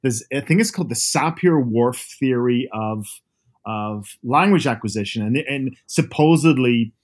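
A man in his fifties from Northern Ireland with a softened Northern Irish accent, chatting as a guest author over a video call and telling lively, animated stories. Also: medium pitch, unhurried. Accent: Northern Irish, softened by years abroad. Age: 50s. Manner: animated storyteller, lively asides.

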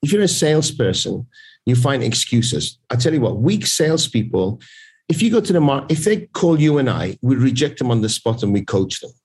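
A man's voice: medium pitch, big pitch swings, moderate pace, darkish tone, slightly rough, low-quality recording. A middle-aged man, a sales coach interviewed as a guest, speaking bluntly and emphatically and repeating his key points. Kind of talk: casual interview talk.

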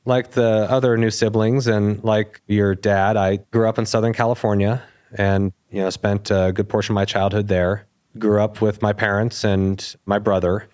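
A man, a police officer guest, telling an anecdote with animated delivery and acted-out dialogue. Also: lowish voice, clear, resonant tone. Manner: animated, acts out quoted dialogue. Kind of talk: storytelling anecdote.

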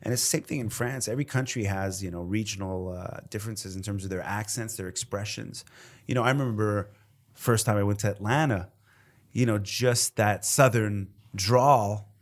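Comedian guest, male, lower register, rambling and chatty. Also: moderate pace. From Canada. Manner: rambling, heavy on fillers and acted-out quotes. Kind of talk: casual interview chat.

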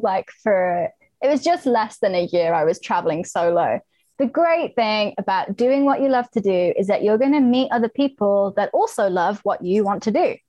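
A woman's voice: on the high side, a little mellow, no echo. A young woman, talking earnestly and reflectively as a podcast guest. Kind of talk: casual interview talk.

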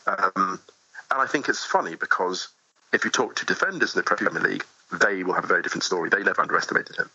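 A man talking as a podcast guest, animated and chatty with many asides, in a dull lo-fi remote recording. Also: deep voice, fast talker, husky. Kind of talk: casual interview conversation.

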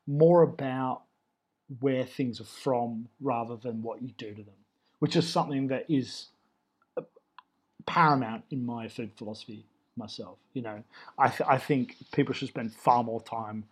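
A man's voice: medium pitch, normal speed, slightly rough. An Australian man in his thirties, a chef, chatting in a casual interview and telling stories from his career with open enthusiasm. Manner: enthusiastic, loose storytelling. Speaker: chef, guest.

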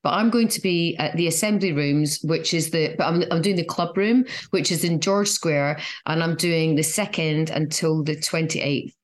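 A woman's voice: low voice, normal speed, hardly any pauses. A middle-aged Scottish woman, a guest comedian in a casual chat, chatty and self-mocking, often laughing. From Scotland.

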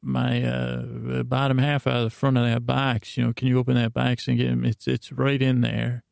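A man's voice: medium pitch, completely flat delivery, normal speed, creaky, darkish tone, dry recording, studio quality. A man voicing a chatty, joking male ventriloquist dummy with only a top half, in a rambling, easygoing way.

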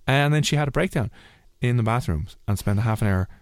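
A man hosting a relaxed radio chat show, telling workplace stories with lively jumps into other people's voices. His voice sits at a middle pitch, heard in a dry, close studio sound. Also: fast talker, no echo. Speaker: radio host.

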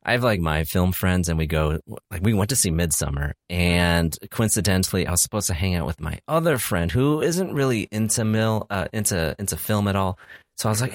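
A man with a low voice hosts a casual chat about films. He tells stories with a very lively pitch, acting out the people he quotes. The recording is dry and close. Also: brisk, no room sound.

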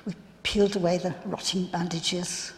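A woman playing a grieving biblical sister in a first-person dramatic monologue, telling her story in an earnest, reflective, halting way. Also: lowish voice, little pitch movement, a little mellow, slight background noise, lightly acted. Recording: long hall reverb.

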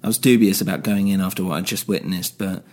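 Guy narrating a story in first person, steady and low, faint music behind. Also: quick pace.

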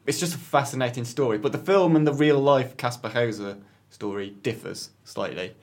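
A man's voice: medium pitch, moderate pace. A man appearing as a guest on a podcast, chatting casually and a bit hesitantly about films he loves.

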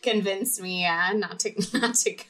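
A woman's voice: medium pitch, unhurried, a crowd in the background, rough recording. A young woman hosting a podcast, chatting casually and reflectively. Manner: chatty and reflective, with frequent restarts. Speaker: podcast host. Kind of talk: casual chat.

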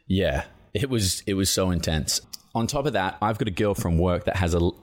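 Deep-voiced man rambling on a podcast. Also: brisk. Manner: rambling, self-deprecating, chatty. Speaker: podcast host. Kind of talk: casual solo podcast monologue.

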